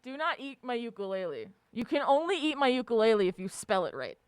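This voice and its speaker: A high-voiced woman streamer rants and swears her way through casual chat with viewers, laughing often. Her voice is smooth and swings widely in pitch. The sound is dry and close. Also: very animated, a little fast, no echo. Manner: profane, ranting, laughs often. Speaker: livestreamer.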